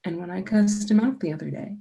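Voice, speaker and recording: A young woman chats casually as a podcast guest, swearing freely as she tells animated stories. Her voice is gravelly, husky and dark. She sounds mellow rather than bright. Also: medium pitch, a little fast. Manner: animated, profane storyteller. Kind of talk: casual chat.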